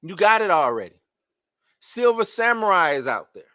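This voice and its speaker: Live-stream host, man, bright high voice, exasperated rhetorical rant, dry close sound. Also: moderate pace, no room sound. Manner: animated, rhetorical questions, exasperated. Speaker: host of a live movie-news show. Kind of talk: casual live-stream commentary.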